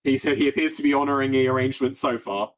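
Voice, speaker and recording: A man's voice: mid-range voice, fairly even intonation, quick pace. Rambling male game master. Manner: rambling, with many fillers and restarts. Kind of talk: narrating a tabletop game.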